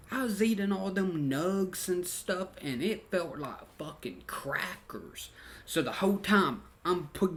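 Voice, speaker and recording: A young man telling a story casually in a rambling, profane way, with slangy dialect grammar and constant "you know" fillers. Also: high voice. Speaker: vlogger.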